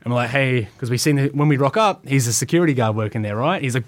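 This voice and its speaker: A man's voice: medium pitch, no echo. A young Australian man, a wrestler, telling stories in a casual podcast interview and acting out what others said. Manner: quick storytelling, acts out voices of others. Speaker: guest wrestler.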